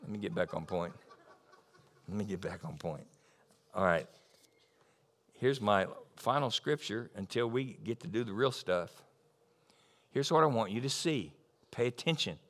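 A man preaching a sermon in an emphatic, lively way, repeating key lines and adding asides. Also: medium pitch, moderate pace. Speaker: pastor.

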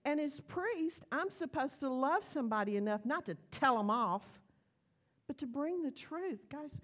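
Lively woman preaching a story sermon. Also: high voice, muffled recording. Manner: animated, chatty, acts out dialogue. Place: church.

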